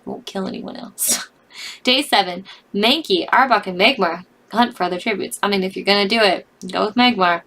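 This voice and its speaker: A woman's voice: mid-range voice, a little fast, fairly bright tone. A young woman reading out a game's results and reacting to them with cries and laughter in casual commentary. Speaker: gaming video host.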